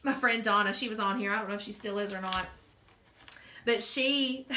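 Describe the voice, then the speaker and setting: Southern woman, crafts host, chatty and a touch high-pitched, bright and forward. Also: normal speed, pauses often. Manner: chatty, rambling, talks straight to viewers. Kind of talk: casual live-stream craft demo.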